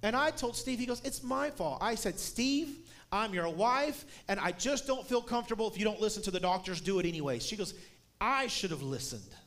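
A middle-aged man preaching a sermon as a guest speaker, telling a story and building up to shouted emphasis. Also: high-pitched, lively intonation, brisk.

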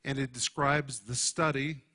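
Delivering a Bible teaching at a steady middle pitch, a man preaches emphatically and deliberately. He stresses key words hard and slows down to drive each point home in this sermon.

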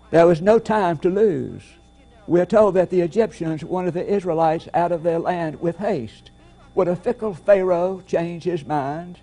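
A man preaching a sermon, deliberate and emphatic, repeating key phrases. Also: sits high, mellow. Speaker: pastor.

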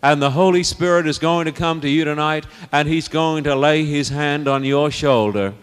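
A man's voice: fairly high pitch, normal speed, clear, resonant tone. A man preaching an evangelistic sermon, earnest and pleading, repeating phrases for emphasis. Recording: long reverb of a hall.

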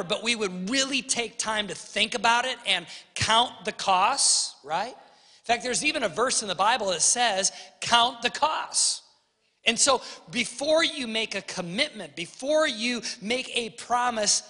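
A bright, high-voiced man in his forties preaches a sermon, telling stories and acting out each person's voice. His voice carries with a long reverb, as in a church auditorium. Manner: animated storyteller acting out voices. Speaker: pastor.

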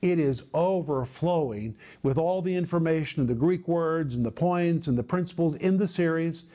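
A middle-aged man hosting a broadcast Bible teaching, emphatic and slowing down to stress key words. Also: on the high side, mellow. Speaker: Bible teacher and program host.

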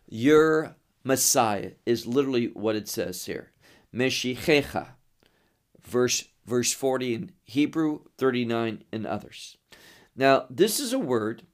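Slow, measured male Bible teacher. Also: medium pitch. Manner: measured, explanatory, pausing between phrases.

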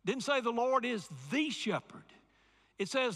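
A man's voice: extremely high pitch, very animated, moderate pace, sharp tone, big-room sound. A man from Alabama with a Southern American accent, preaching a sermon with emphatic repetition and calls for the congregation to respond. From Alabama, USA. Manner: emphatic preaching, repeats key phrases, calls for audience response. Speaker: pastor.

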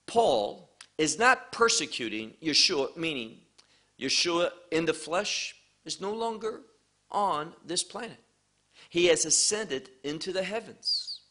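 Guy preaching through bible verses, slow and emphatic, bright tone. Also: a little high. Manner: emphatic, deliberate, stresses key words. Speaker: Bible teacher. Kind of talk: verse-by-verse sermon teaching.

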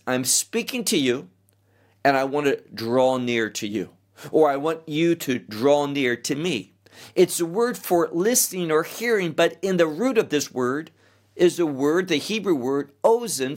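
Middle-aged guy preaching slow and steady, voice a bit high, going verse by verse. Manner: slow, measured verse-by-verse teaching. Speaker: pastor. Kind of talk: expository sermon.

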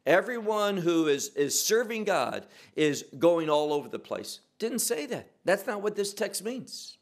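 A man's voice: sits high, sing-song, unhurried. A man preaching a sermon as pastor, explaining scripture with rhetorical questions.

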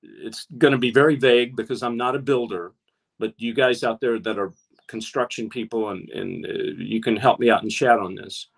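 A man's voice: fairly low pitch, steady tone, normal speed, vocal fry. A man preaching an impassioned online sermon, with his voice rising as he exhorts his listeners. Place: streamed online, talking to a chat audience.

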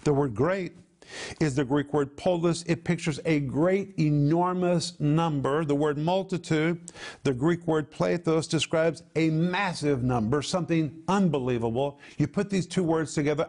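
A man with a somewhat high voice teaches from the Bible in a televised program. He leans hard on key words and draws them out for emphasis. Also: a little mellow. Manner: emphatic, drawn-out stresses on key words, explaining Greek word meanings.

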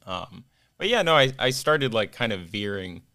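A man with a low, bright and crisp voice tells his stories as a podcast guest. He talks casually and animatedly, slipping into the voices of the people in his stories. He swears freely as he goes. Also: moderate pace. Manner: animated, acts out quoted voices. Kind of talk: casual storytelling.

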